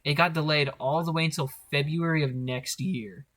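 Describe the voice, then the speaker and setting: A young man co-hosting a podcast, chatting casually in an animated way, swearing and laughing often. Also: a little high, moderate pace. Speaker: podcast co-host. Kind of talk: casual chat.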